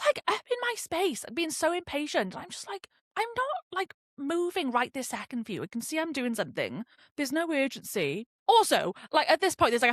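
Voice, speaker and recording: A woman hosting a podcast, telling a story in a chatty, animated way and swearing freely. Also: on the high side, no echo, studio quality. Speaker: podcast host. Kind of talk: casual storytelling monologue.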